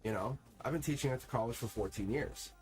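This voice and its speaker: A middle-aged man at an ordinary pitch, talking loosely and telling a story as a tarot reader on a live stream. He rambles, restarts and laughs as he goes, with faint music playing under him. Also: fast. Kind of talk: casual live-stream chat.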